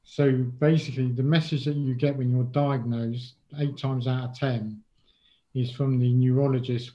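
A man's voice: mid-range voice, level tone, moderate pace, dark tone, highs cut off. A middle-aged man from England, a guest in an interview, speaking casually and hesitantly, with many ums and restarts.

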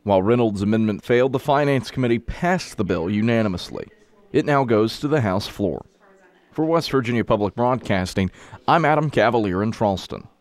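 A man's voice: on the low side, animated, brisk. A man reporter filing a scripted news package from the capitol.

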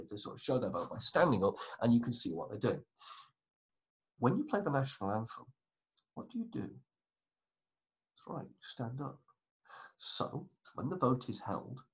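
A man's voice: medium pitch, breathy edge, low-quality recording. Chatty male history teacher. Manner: chatty, explains with asides and self-corrections. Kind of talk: recorded lesson.

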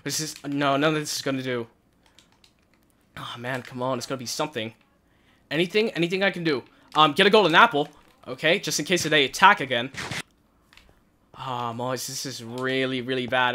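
Young man, high bright voice, jittery gameplay commentary, headset mic. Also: expressive, a little fast. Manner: nervous, shouts and cries out in panic. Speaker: gaming channel host. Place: hot room at home.

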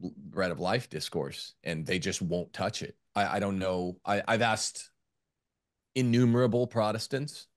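A man on a podcast, a former teacher, talking in an animated storytelling way with some stammers. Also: low voice, measured pace, no echo, studio quality. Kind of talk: casual podcast discussion.

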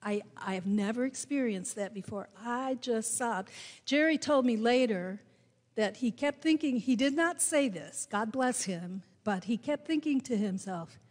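A woman pastor delivers a sermon in a church sanctuary, her voice slightly higher than most. She speaks slowly and gently, with emphatic rises as she tells a story. A long reverb trails each phrase through the room. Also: expressive.

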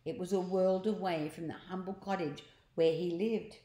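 A woman reading a children's book aloud, pausing to explain words and pictures to young listeners. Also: fairly low pitch, fairly even intonation, warm tone. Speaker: storyteller. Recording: echoey room.

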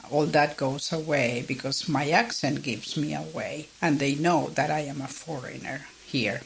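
Non-native woman panelist, low gravelly voice, reflective and personal. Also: steady tone, normal speed, few pauses, a little hiss or hum, low-quality recording. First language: not English. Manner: reflective, personal, checks in with "okay?". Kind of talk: Bible discussion podcast.

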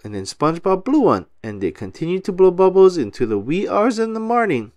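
A man narrating a children's picture book aloud in an expressive storytelling manner. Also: high voice, a little fast, few pauses, dry recording. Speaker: storybook reader.

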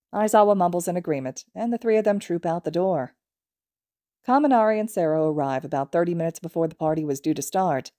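A woman narrating fan fiction as an audiobook, in a calm, even storytelling manner. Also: on the low side, quick pace, no room sound, studio quality. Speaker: podfic reader.

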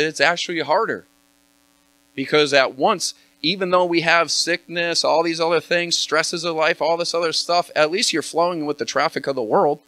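Bright-voiced man preaching a casual sermon. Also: fairly high pitch, no echo. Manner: chatty, joking, many fillers like "like". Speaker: church speaker giving the sermon intro. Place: church.

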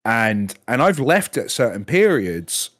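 A man's voice: medium pitch, big pitch swings, slow, a bit bright. A man in his thirties, a podcast guest, telling a story in casual chat, swearing freely and acting out the other people's lines.

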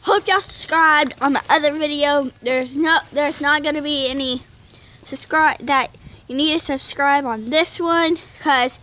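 Excited young woman vlogging outdoors. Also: high-pitched, unhurried. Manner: excited, chatty, lots of "y'all" and "like". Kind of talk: casual outdoor vlog. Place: outdoors in falling snow. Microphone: handheld phone camera. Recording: noisy outdoor phone recording.

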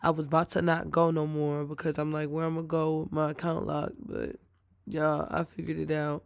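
A woman's voice: deep voice, monotone, moderate pace, gravelly, no echo, studio quality. A young woman vlogger telling a story in a casual voiceover, tired late at night, chatty and talking straight to her viewers. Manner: chatty, addresses viewers directly.

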